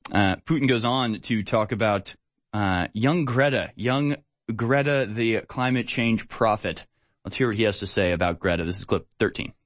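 A man's voice: lowish voice, moderate pace, a bit bright, no echo. Sarcastic rambling male talk host. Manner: rambling, sarcastic, many fillers. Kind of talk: casual opinion talk.

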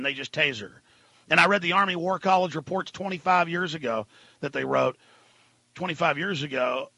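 A husky, bright-toned man rants on talk radio, swinging between low muttering and loud outbursts. His voice sits high and sounds close and dry in the studio. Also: no room sound. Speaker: radio host. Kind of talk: impassioned political talk radio monologue.

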